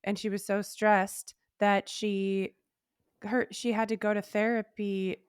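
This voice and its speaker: A woman co-hosting a podcast in casual chat, telling stories in an animated way and acting out her own thoughts. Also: medium pitch, slow pace, clear, resonant tone, no echo, clean studio sound. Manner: animated storytelling, acts out her own inner voice. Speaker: podcast co-host.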